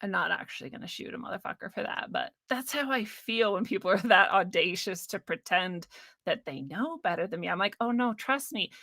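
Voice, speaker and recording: A woman's voice: fairly low pitch, fairly quick, creaky, bright, forceful tone, dry recording. A woman hosting a spiritual livestream, ranting casually in a blunt, sarcastic, profane way and laughing often.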